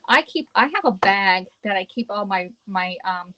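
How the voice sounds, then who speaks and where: A woman's voice: mid-range voice, animated, moderate pace, pushed and bright, dull audio. Chatty woman hosting a cooking livestream. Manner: chatty, keeps checking in with "okay?"; greets viewers and reads chat aloud. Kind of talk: live cooking demo and chat. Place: home kitchen.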